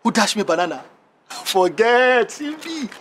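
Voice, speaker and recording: A man's voice: extremely high pitch, very animated, measured pace, fairly bright tone, slight background noise, full character voice. An actor with a Nigerian accent playing a cheeky young gateman who brags in Pidgin. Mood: joking. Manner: Nigerian Pidgin, boastful and joking. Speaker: gatekeeper.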